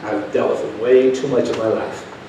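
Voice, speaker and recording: Guy preaching a testimony, hushed then loud, far off mic, lots of echo and a low rumble behind. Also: moderate pace. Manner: animated storytelling that swings from hushed to loud. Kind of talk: sermon testimony. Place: church. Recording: echoey church from a distant mic with background rumble.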